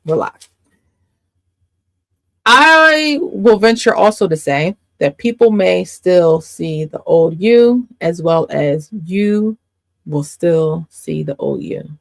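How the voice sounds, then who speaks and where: A woman coach giving a casual faith teaching to camera, emphatic and repeating her points with quick asides. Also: fairly low pitch, animated, gravelly, dry recording.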